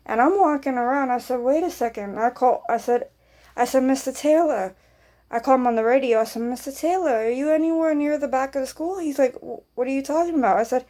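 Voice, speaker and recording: A woman's voice: on the high side, a little mellow. A woman vlogger telling a rambling personal story in casual speech, swearing freely and acting out what people said.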